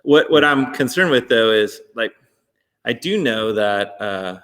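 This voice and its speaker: A man's voice: mid-range voice, lively intonation, a little slow, a bit bright, in a large hall. A man from Texas hosting an interview, rambling and correcting himself as he chats. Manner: rambling, self-correcting, chatty. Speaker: host. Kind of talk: casual interview chat.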